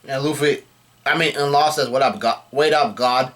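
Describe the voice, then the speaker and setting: A man's voice: mid-range voice, steady tone, normal speed, fairly bright tone. Man casually reading a comic aloud. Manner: reads quoted lines in his own voice, often correcting himself. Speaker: manga reader. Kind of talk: casual manga chapter read-through.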